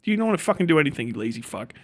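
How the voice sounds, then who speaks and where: High-voiced man in a profane rant. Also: very animated, racing. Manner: profane, sarcastic, mocking. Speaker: livestreamer. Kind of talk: ranting livestream commentary.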